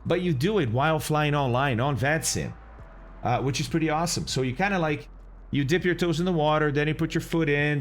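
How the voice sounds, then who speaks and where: Chatty man streaming, lively pitch. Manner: chatty, greets viewers, explains as he goes. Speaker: flight sim streamer. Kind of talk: casual live-stream chat.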